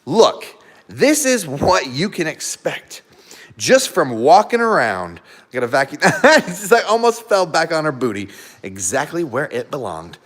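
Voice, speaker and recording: A man with a somewhat high voice hosts a relaxed live stream from home. His delivery is very animated and swoops up and down as he chats with viewers. He laughs often and keeps stopping to coax his dogs. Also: unhurried. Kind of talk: casual live stream chat.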